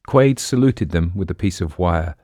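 A man narrating an audiobook in a steady, even storytelling manner. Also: deep voice, moderate pace, no room sound, clean studio sound.

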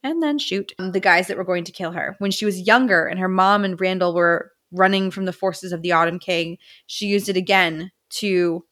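A woman's voice: fairly low pitch, fairly even intonation, normal speed, hardly any pauses, fairly bright tone. A woman co-hosting a book podcast, retelling plot scenes in a casual, emotional way. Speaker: podcast co-host.

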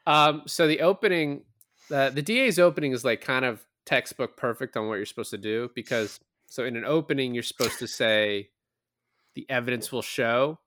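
A man's voice: mid-range voice, normal speed, a bit bright, no room sound, studio quality. A man co-hosting a podcast, casually retelling movie scenes and explaining legal details, swearing now and then. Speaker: podcast co-host, lawyer.

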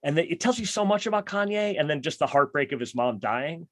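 Excitable man, dry close sound. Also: fairly high pitch, brisk, no room sound. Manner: enthusiastic, rambling, lots of "like". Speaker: podcast host. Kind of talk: casual chat about music.

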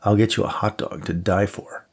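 A skeptical, hard-nosed man investigator, read by a male narrator. He speaks in a clipped, flatly threatening way, with a low, gravelly and husky voice. It is an audiobook character voice. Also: normal speed. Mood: stern.

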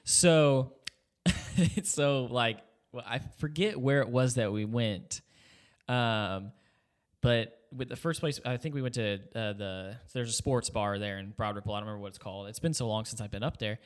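A young man at a middle pitch hosts a casual podcast and retells a night out in a loose, rambling way. He leans on fillers and restarts and gets more animated as the story builds. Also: normal speed, smooth. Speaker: podcast host.

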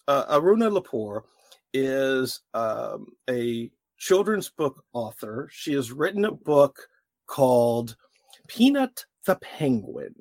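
A man's voice: on the high side, no echo. A man hosting a podcast, reading a scripted intro and then chatting casually and playfully with his co-host and guest. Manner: upbeat, lively, playful.

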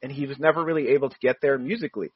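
Quick-talking husky man, comic writer. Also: medium pitch, dull audio. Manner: quick, eager, laughs often. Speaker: comic book writer, guest. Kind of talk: interview.

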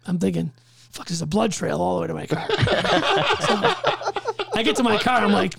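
A man telling a story in casual chat, animated and profane, acting out the voices of others. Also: sits high, normal speed, creaky, very noisy. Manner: animated, profane, acts out quotes.

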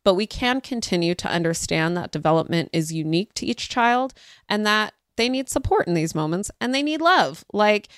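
Woman, parenting host, casual storytelling, acts out quotes with pitch jumps, dry close sound. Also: animated, normal speed, a bit bright, dry recording.

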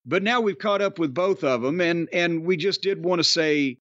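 Middle-aged male podcast host with a higher voice, grumbling and cursing his way through chat, recorded muffled and dry. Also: moderate pace, no room sound. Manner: blustery, profane, grumbling rants.

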